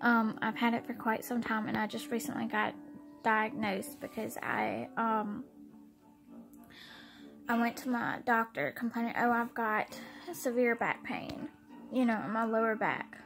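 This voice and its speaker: A young woman, talking in a halting, tearful personal vlog, close to tears and often repeating herself. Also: on the high side, vocal fry, fairly bright tone, poor audio. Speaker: vlogger.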